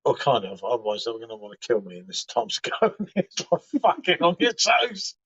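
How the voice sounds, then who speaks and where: A man's voice: lowish voice, animated, a little fast, husky. A man chatting casually on a beer livestream, sweary and laddish in his banter. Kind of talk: casual chat. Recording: muffled lo-fi livestream audio.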